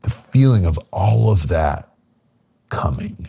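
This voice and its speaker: A man's voice: sits low, expressive, takes it slowly, gravelly, dark tone, slightly rough, dry recording. A middle-aged man from Michigan, a podcast guest, telling a personal story casually with lots of fillers and acted-out quotes. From Michigan, USA.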